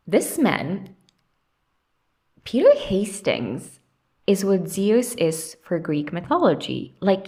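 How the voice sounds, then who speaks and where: A young woman giving casual, opinionated commentary as she ranks characters, blunt and sarcastic, talking to herself while she sorts. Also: on the low side. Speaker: YouTuber ranking TV characters.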